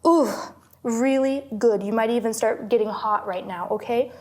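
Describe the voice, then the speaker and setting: A young woman, a health coach, guiding listeners through a calming movement exercise, encouraging, laughing often and exhaling between cues. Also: on the high side, moderate pace. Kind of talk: guided movement instruction.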